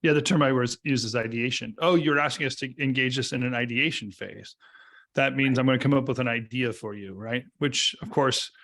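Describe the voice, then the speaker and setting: Gravelly man in thoughtful discussion. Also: medium pitch, a little fast, a bit bright. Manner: thoughtful, agreeing interjections. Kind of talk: casual group discussion.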